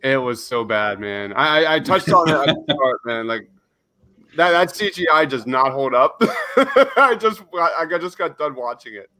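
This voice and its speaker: A man with a bright, sharp tone joins a casual podcast chat. He stammers and repeats words, sounding exasperated. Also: mid-range voice, very animated, normal speed.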